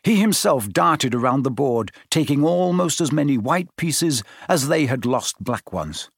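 A man reads a storybook aloud in an even, measured way at a middle pitch. The recording is dry and close, with no room around the voice. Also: husky, no room sound. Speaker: audiobook narrator. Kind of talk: storybook narration.

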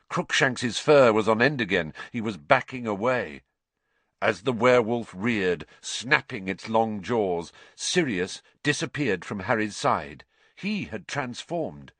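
A man narrating a story aloud, expressive and dramatic, rising with the action. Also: mid-range voice, no echo. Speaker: audiobook narrator.

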